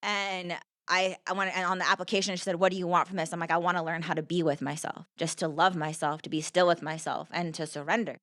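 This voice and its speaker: A woman's voice: on the low side, level tone, fast, hardly any pauses, fairly bright tone, dry recording, studio quality. Earnest young woman telling her story. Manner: earnest, repeats herself, many "like" fillers. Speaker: podcast guest. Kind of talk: conversational storytelling.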